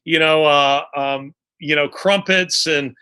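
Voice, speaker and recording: A man's voice: a little high, steady tone, takes it slowly, bright, forceful tone, clear, resonant tone. A man speaking as a guest in an interview, talking unhurriedly with many restarts and fillers. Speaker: guest author. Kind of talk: conversational interview.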